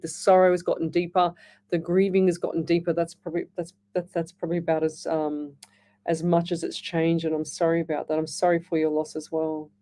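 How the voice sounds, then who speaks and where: A middle-aged Australian woman with a lowish, mellow voice hosts a live radio call-in show as a psychic medium. She talks in a loose, chatty way, reading listener messages aloud and doubling back on her own words. She calls her listeners "lovey.".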